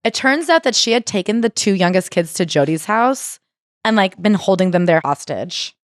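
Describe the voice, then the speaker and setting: A woman's voice: medium pitch, lively intonation, moderate pace, dry recording, studio quality. A woman co-hosting a podcast, retelling a memoir in casual chat and acting out quotes. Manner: chatty, acts out quotes with swearing. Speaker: podcast co-host.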